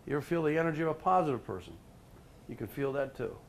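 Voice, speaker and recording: Animated storytelling male speaker. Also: fairly high pitch, fast, slight background noise. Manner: animated, addresses listeners by name with questions. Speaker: professional motivational speaker. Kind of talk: storytelling talk to a live group.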